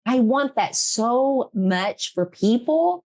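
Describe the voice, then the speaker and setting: A woman's voice: on the high side, lively intonation, takes it slowly, a little mellow. A middle-aged woman hosting her own podcast, talking earnestly and emphatically, repeating herself for stress and often laughing. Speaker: podcast host. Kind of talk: emotional interview chat.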